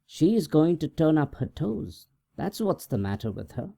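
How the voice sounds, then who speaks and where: A man's voice: a little high, big pitch swings, moderate pace, gravelly, warm tone, pitched above the performer's own voice. A man voicing a tall, thin, hesitant and stingy peasant in a storybook reading, in a plain, slightly raised voice.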